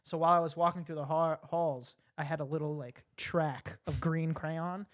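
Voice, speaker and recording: High-voiced, animated young man. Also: moderate pace. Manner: animated storyteller, laughs often, acts out voices. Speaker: podcast co-host. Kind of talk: casual chat.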